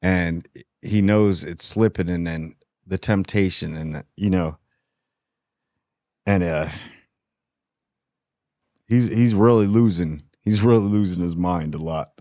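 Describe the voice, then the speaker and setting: Male TV reviewer, relaxed and slangy, dull lo-fi sound with no room echo. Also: sits low, slow pace, pauses often. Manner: rambling, slangy, laid-back. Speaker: TV show reviewer. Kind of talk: casual spoiler review.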